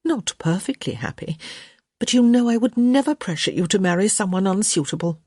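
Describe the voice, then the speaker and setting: A woman's voice: medium pitch, animated, a little fast, darkish tone, slightly rough, no echo, clean studio sound, voice pushed up. A woman voicing a middle-aged society mother who frets about her daughter's marriage, insistent and coaxing.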